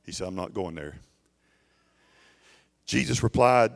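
A man's voice: fairly low pitch, a little slow, creaky. A middle-aged man preaches to his church in an emphatic, urging way. He stumbles and restarts often as he presses his point. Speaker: pastor. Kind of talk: sermon.

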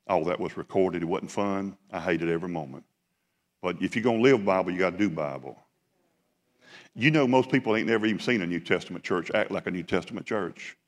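A deep-voiced man preaches from the pulpit, spinning a story in a plain, folksy way. His voice carries a long reverb from the church hall. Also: brisk. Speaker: pastor. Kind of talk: sermon. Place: church sanctuary.

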